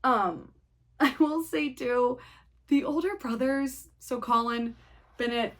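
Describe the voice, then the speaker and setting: A woman's voice: high voice, slow pace. Young woman yapping about books she read, rambly and casual, lots of "like". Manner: chatty and rambling, heavy on "like". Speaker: book reviewer. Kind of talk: casual book review chat.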